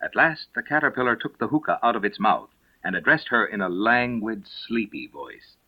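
Husky male audiobook narrator. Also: lowish voice, normal speed. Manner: expressive storytelling. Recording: dull lo-fi recording.

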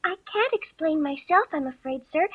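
Shy, polite little girl, played by a man, high falsetto, tinny lo-fi audiobook. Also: lively intonation, moderate pace. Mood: polite puzzlement. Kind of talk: audiobook character voice. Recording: tinny lo-fi recording.

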